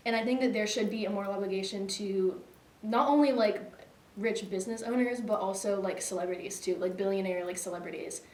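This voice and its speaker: With a fairly quick, slightly mellow mid-range voice, a young woman co-hosts a casual chat show. She rambles, uses lots of fillers, and laughs easily. The mic is distant in an echoey room.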